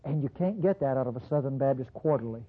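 A preacher delivering a sermon, talking straight to the congregation and swinging from low, close asides to sudden high bursts. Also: lively intonation, fast, breathy edge. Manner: addresses the congregation directly with call-outs. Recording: tinny lo-fi sermon recording.

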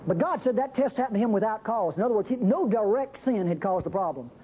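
A man preaching a sermon, acting out the biblical speakers with sudden jumps in pitch. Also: expressive, fast. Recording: muffled, faintly noisy old recording.

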